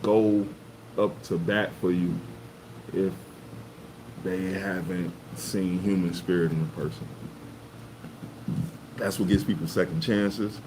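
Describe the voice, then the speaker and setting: Low-voiced man telling stories, casual. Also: fairly even intonation, slow, long pauses, noisy background. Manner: storytelling, acts out quoted voices with rising pitch. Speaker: podcast co-host. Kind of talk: casual chat.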